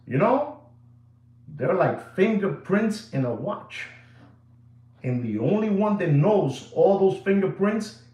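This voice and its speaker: A man hosting a livestream, telling a story in a rambling, animated way with constant fillers. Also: high-pitched. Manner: rambling, animated, full of "you know" fillers. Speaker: watch dealer channel host. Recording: echoey room.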